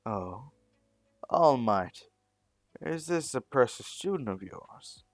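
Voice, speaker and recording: A man's voice: medium pitch, big pitch swings, no echo, soft background music. A man doing a gloating, mocking villain. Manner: slow, mocking monologue. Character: gloating arrogant male villain, older. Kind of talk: fan story narration.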